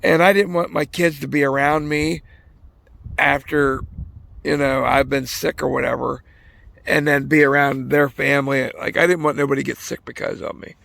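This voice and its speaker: A man's voice: a little high, steady tone, normal speed, creaky, fairly bright tone. A man telling a rambling, profane story in a casual vlog while fishing outdoors by a pond. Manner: rambling, profane, self-correcting. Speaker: vlogger.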